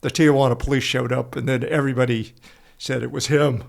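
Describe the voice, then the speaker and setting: An older man, a veteran and author, telling stories in an interview, halting and repeating words, laughing along the way. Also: mid-range voice, fairly even intonation, gravelly. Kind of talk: casual storytelling interview.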